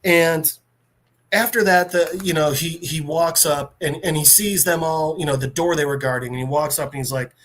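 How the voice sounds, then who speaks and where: A man hosting a podcast, casually recapping a comic in an animated storytelling way, full of fillers. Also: on the high side, normal speed. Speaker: podcast host.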